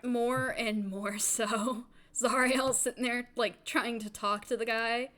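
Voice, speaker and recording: A woman's voice: a little high, fairly even intonation, slow pace, fairly bright tone. A woman running a tabletop role-playing game as game master, narrating with frequent giggles. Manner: giggly, laughs often while narrating.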